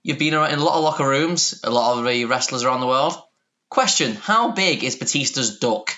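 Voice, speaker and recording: A man's voice: medium pitch, animated, a little fast, bright, forceful tone, highs cut off. A British man hosting a comedic podcast interview, hesitant and mock-earnest. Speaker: podcast host.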